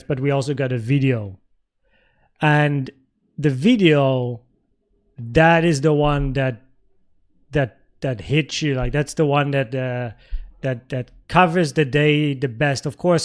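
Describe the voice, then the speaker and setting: A young man from the Netherlands hosting a casual livestream, rambling and restarting as he reads out viewer comments. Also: medium pitch. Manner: rambling, with frequent restarts and filler words. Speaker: livestream trading host.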